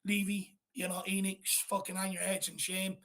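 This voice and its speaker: A high, bright-toned man with a gravelly edge to his voice. He hosts a live fan watchalong and talks in a blunt, angry, swearing way about his team. He sounds fed up and done. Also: completely flat delivery, normal speed. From Ireland. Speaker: fan channel host. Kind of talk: live football watchalong chat.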